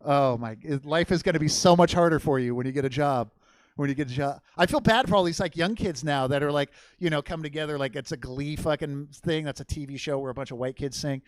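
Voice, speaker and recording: A young man from Oregon doing stand-up, rambling, loud and profane, laughing at his own jokes on a theater stage. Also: a little high, fast talker, no echo. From Portland, Oregon. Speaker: stand-up comedian. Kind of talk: stand-up crowd work and storytelling.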